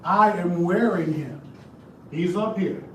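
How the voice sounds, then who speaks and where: A man's voice: high voice, takes it slowly, fairly bright tone. A man giving a casual live history talk, chatty and jokey, speaking straight to his audience. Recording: echoey room, distant mic, background noise.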